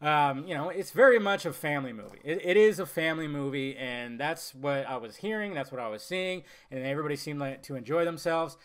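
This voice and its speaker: A man giving a casual, blunt film review, swearing freely and talking in an animated way. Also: on the high side, fairly quick, few pauses.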